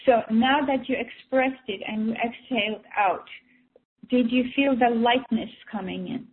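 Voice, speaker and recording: A woman's voice: on the high side, unhurried. Woman coaching breathing over tinny audio. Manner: gentle, coaxing, repeats and restarts phrases. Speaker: energy healer leading a breathing session. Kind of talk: guided breathing and emotional release session. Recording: tinny phone-like sound.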